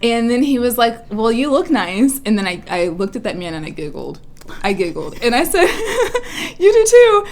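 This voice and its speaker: A young woman co-hosting a podcast, telling a story in a giggly, animated, casual way. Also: mid-range voice, normal speed. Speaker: podcast co-host. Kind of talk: casual chat.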